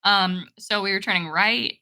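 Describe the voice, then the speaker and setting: A woman's voice: medium pitch, normal speed, sharp tone. A woman co-hosting a podcast, telling a rambling story in casual chat and swearing casually. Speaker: podcast co-host.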